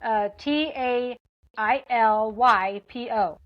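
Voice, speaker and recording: A woman's voice: fairly high pitch, lo-fi sound. Quippy American woman co-host. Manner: casual, quick quips, laughs. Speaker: podcast co-host. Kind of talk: casual chat.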